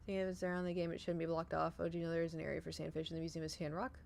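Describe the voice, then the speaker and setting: A woman's voice: sits low, rapid-fire, vocal fry, a little hiss or hum. Rambling, swearing woman streamer. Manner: rambling, profane, animated storytelling. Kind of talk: casual chat while gaming.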